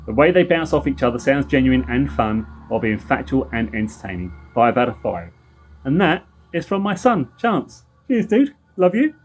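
Joking middle-aged London man, husky voice. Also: mid-range voice, very animated, moderate pace. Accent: London English. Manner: dry, joking banter. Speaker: podcast co-host. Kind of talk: casual chat.

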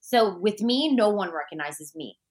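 A woman's voice: medium pitch, expressive, moderate pace. Matter-of-fact woman in casual chat. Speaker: guest.

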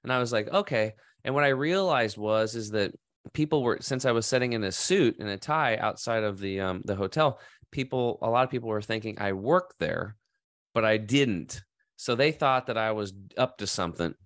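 A man's voice: lowish voice, lively intonation, normal speed, fairly bright tone, dry recording, clean studio sound. A middle-aged man from Oregon casually telling a rambling, enthusiastic story in a vlog and acting out quoted voices. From Oregon, USA. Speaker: vlogger in the health industry.

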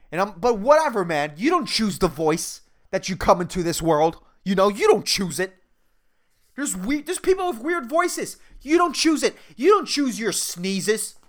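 A man rants his way through customer stories on his podcast, cursing freely and sounding fed up. His pitch swings a lot, leaping up and dropping down as he vents. The delivery is sarcastic and animated. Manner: profane, exasperated, sarcastic. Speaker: podcast host. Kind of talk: ranting storytelling.

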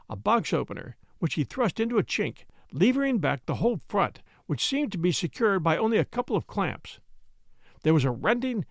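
A man narrating a classic detective story in an expressive, dramatic way. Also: high-pitched, gravelly, no echo, clean studio sound. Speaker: audiobook narrator.

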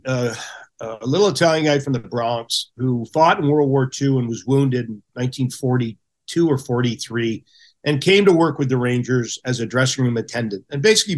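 A middle-aged man telling stories as a podcast guest, with a voice of ordinary pitch. He talks in a casual, animated way and acts out the people he quotes. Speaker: podcast guest, former hockey goaltender. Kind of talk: casual storytelling.

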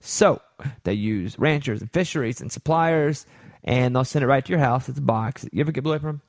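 A man in his forties from Arkansas with a Southern accent, hosting a casual studio chat and reading an ad, telling stories in a relaxed, drawn-out way. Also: mid-range voice. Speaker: radio show host.

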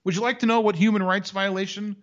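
A man's voice: high voice, fairly even intonation, fast talker, a bit bright, lo-fi sound. A man co-hosting a casual podcast, telling a news story with mocking sarcasm. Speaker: podcast co-host. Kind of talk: casual chat.

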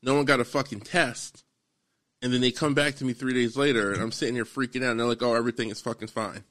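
Profane, animated man telling stories. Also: medium pitch, quick pace. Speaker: podcast co-host and producer. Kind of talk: casual chat among friends.

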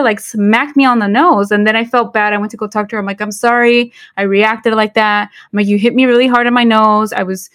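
A woman's voice: on the high side, steady tone, fast talker, dry recording. Chatty bilingual woman, dry close mic. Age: 40s. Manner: code-switching between English and Spanish, many fillers and restarts. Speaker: podcast co-host. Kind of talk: casual podcast chat.

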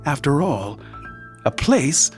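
A male narrator reading a story in a scripted, expressive delivery, his pitch rising and falling in lively swings. He slows on key phrases and sometimes sinks to a near whisper. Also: faint music behind.

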